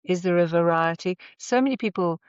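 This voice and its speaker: In a conversational interview, a woman who works as a voice therapist thoughtfully explains what she does, using examples. Her voice is lowish, brisk and clean-toned with no room sound, though the remote audio comes across slightly dull.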